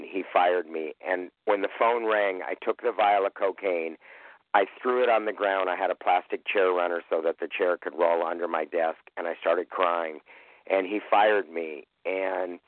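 A man's voice: sits low, no room sound. A man giving an emotional, candid personal share on a recovery meeting call. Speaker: meeting member sharing. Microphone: phone call. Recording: tinny phone line.

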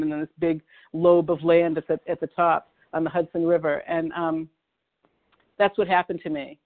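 A woman from the Boston area sharing her recovery story at a meeting, halting and emotional, with many pauses and restarts. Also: fairly low pitch. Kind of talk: personal recovery share. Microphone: phone dial-in. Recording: tinny phone line.

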